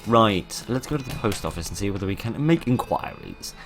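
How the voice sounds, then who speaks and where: A man's voice: fairly low pitch, sing-song, fairly quick, music in the background. A man hosting a let's play, wryly commenting and reading the game text aloud. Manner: wry, jokey asides.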